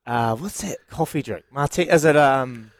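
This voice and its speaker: A man with a New Zealand accent co-hosting a casual morning radio show, excitable and quick to exclaim. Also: mid-range voice, no room sound, clean studio sound. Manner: excitable, exclaiming, restarts often. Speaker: radio co-host.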